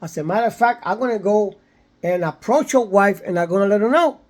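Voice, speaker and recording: A man's voice: sits high, fairly quick. A man quoting an angry woman on the phone in a retold story, blunt and insistent.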